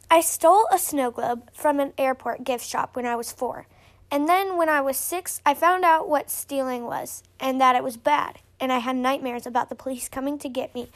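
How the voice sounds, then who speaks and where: A young woman reading funny stories aloud and chatting about them in a casual, rambling way with lots of fillers. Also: high voice. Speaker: vlogger.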